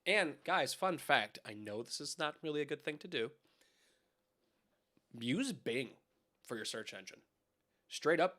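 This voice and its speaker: A young man chats loosely on a live stream from home, talking straight to his viewers. His voice is bright and forceful at a middle pitch, and he rambles, swears and laughs along the way. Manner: rambling, swears, laughs often, talks to chat. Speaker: live-stream host reviewing keyboards. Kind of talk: casual live-stream chat.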